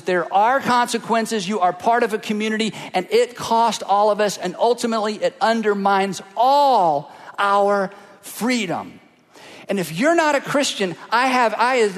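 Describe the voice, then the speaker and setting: A man preaching a sermon as pastor, emphatic and repetitive, rallying the congregation. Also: very high voice. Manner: emphatic, repetitive, rallies the crowd. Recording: echoey hall reverb.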